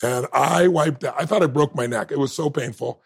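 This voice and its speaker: A man in his fifties, appearing as a podcast guest, tells a personal story with lots of energy, acting out quoted dialogue and laughing often. His gravelly, husky voice sits a little high and moves briskly.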